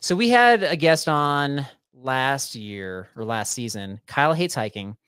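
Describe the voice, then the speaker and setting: A man co-hosting a podcast in casual chat, playful and teasing, quick to laugh. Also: mid-range voice, expressive, fairly bright tone, smooth, no room sound, studio quality. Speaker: podcast co-host.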